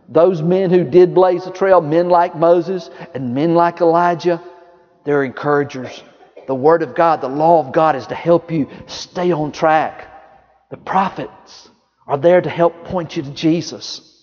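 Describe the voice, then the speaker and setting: A man preaching from the pulpit in a high, bright-pitched voice, swinging between soaring emphasis and hushed asides with folksy chuckles. His voice rings with a long church reverb, and the recording sounds a little dull and muffled. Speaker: pastor. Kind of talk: sermon. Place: church sanctuary.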